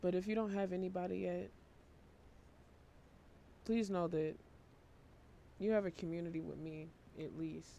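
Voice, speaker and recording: A worn-out man giving a casual tarot reading to camera, talking in a flat, low-energy monotone and swearing casually. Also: measured pace, creaky, long pauses, a little hiss or hum. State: emotionally worn out. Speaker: tarot reader.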